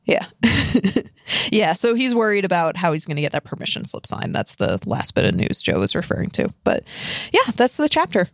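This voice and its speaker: A woman's voice: on the low side, very animated, moderate pace, creaky, no room sound, studio quality. A woman co-hosting a casual book discussion podcast, talking loosely and often saying "like" and "you know". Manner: chatty, heavy use of "like" and "you know". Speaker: podcast co-host.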